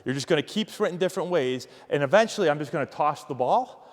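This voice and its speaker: A man coaching youth agility drills, giving energetic, encouraging cues while demonstrating. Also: fairly high pitch, fast, long reverb tail. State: out of breath. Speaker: baseball coach.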